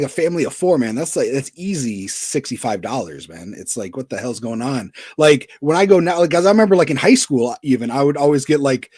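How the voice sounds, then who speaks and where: A man's voice: mid-range voice, darkish tone, slightly rough, dry recording, clean studio sound. A man co-hosting a casual podcast chat, rambling through anecdotes and quoting people in disbelief. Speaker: podcast co-host.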